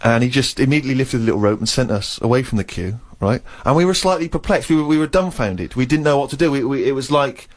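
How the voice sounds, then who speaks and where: A man's voice: mid-range voice, fast talker, few pauses. A man telling a self-deprecating story on a radio show. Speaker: radio co-host. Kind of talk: casual radio banter, anecdote.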